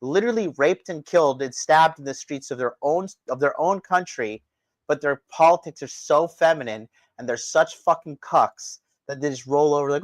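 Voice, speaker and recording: Man, livestream rant, profane and blunt, slightly high voice, dry close sound. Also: moderate pace, no room sound. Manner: profane, blunt, emphatic ranting. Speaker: dating coach and livestream host. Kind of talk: livestream rant reading chat. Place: indoors in Japan.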